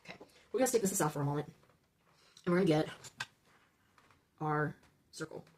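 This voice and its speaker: A woman with a low, expressive, slightly mellow voice hosts a casual LEGO build-along at a fairly quick pace, with slight background noise. She talks viewers through every step, often asking "okay?" and stumbling over numbers before correcting herself.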